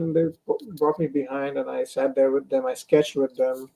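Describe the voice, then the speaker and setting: Young male comic artist from India, remote interview guest, gravelly voice, hesitant. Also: medium pitch, steady tone, fairly quick, warm tone, low-quality recording. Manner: hesitant, many fillers and restarts. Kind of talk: casual interview. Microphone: remote stream call.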